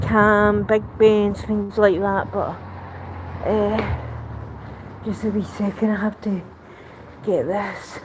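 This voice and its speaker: Scottish woman rambling on a phone livestream, middle-range voice, loud traffic going by the whole time. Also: mid-range voice. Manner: rambling, chatty, trails off mid-sentence. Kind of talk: casual live stream chat. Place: outdoors on the street and in shops, walking. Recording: street noise with passing traffic.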